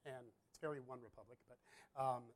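A man's voice: medium pitch, steady tone, moderate pace. A man in his thirties, a pastor, telling a personal story in a candid, self-deprecating, rambling way with frequent laughs. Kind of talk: casual storytelling.

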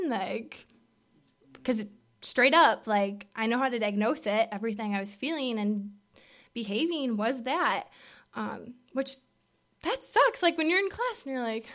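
A young woman with a fairly high voice shares a personal testimony before a faith group. She speaks candidly and haltingly, with many fillers. At moments she drops almost to a whisper. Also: lively intonation. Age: young adult. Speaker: speaker giving a faith talk.

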